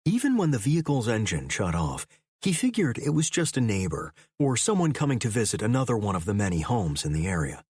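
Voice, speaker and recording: Husky male thriller narrator, very expressive. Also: on the low side, brisk, no room sound, studio quality. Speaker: audiobook narrator.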